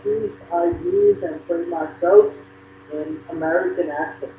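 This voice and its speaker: Brief: man on the far end of a video call, hesitant, slightly higher voice, faint hiss behind. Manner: hesitant, with pauses and restarts. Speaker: foreign conversation partner on a video call. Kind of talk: casual video call chat. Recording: thin phone-like call audio in an echoey room.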